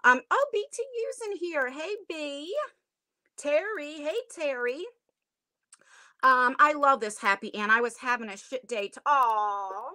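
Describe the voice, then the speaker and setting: Bright, high-voiced chatty woman. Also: animated, a little slow, no echo, clean studio sound. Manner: chatty and rambling, many fillers, self-conscious laughs. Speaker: channel host. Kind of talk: casual livestream chat with viewers. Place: attic room at home. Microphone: tablet device.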